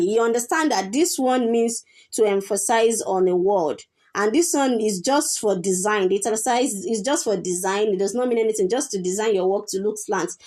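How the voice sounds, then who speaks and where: Woman teaching html, kinda high voice, slow and patient, lots of ums. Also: darkish tone. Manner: patient, explains step by step with fillers and repetition. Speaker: coding teacher. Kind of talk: screen-share coding tutorial.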